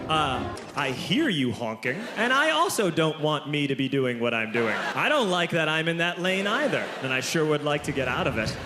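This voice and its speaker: A man doing animated, self-mocking stand-up storytelling. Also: fairly high pitch, normal speed, music in the background. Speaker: stand-up comedian.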